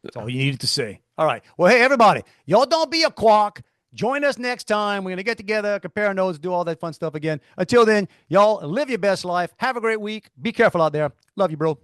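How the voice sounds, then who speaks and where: A man from co-hosts a casual podcast in a high, animated voice that swings all over. He talks like a preacher giving a pep talk, full of "y'all," and sounds close and dry on the mic. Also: brisk, no echo. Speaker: co-host.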